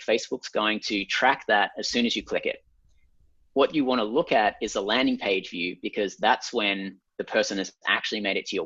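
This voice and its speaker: A man's voice: fairly low pitch, breathy edge, dry recording. A man with an Australian accent, a guest ad consultant, walking step by step through an ad setup on screen with frequent ums. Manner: steady, methodical, frequent ums. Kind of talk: explaining a screen walkthrough. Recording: slightly dull lo-fi sound.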